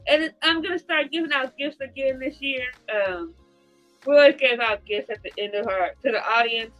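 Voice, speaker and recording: A woman's voice: high voice, moderate pace, a bit bright, lo-fi sound, soft background music. A woman hosting a casual livestream chat, teary and giggling through her words as she laughs. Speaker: host.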